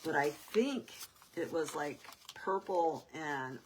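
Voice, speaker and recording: Brief: older woman host, low voice, unhurried rambling craft-table chat, faint hiss behind. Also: animated. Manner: chatty, rambling, with soft laughs.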